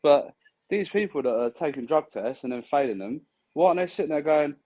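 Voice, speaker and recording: A man's voice: a little high, fast, a little mellow, muffled recording. A man in casual podcast chat, blunt and swearing freely, telling stories and acting out what others said. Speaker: podcast co-host.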